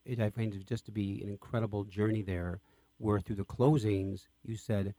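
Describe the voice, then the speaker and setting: A man's voice: on the low side, steady tone, normal speed, mellow, no room sound. A man hosting an interview who asks questions with enthusiasm. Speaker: host, interviewer. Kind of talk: radio interview.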